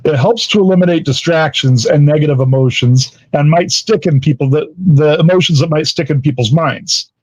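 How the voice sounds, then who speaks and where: A man telling a story from his own experience in a measured, plain way as co-presenter. His voice sits somewhat high, and the recording is dry and a little muffled. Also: a little mellow, no room sound. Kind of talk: telling a story to an online audience.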